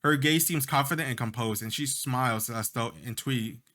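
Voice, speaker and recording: Young man, let's play host, bright voice, casual commentary, jokey asides. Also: medium pitch, fairly quick. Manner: jokey asides between read lines.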